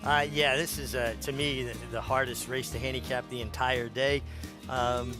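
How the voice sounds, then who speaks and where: A man's voice: mid-range voice, flat delivery, moderate pace, over music. A man analysing horse races on a broadcast, jovial and joking with his co-hosts. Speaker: racing analyst. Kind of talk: racing commentary banter.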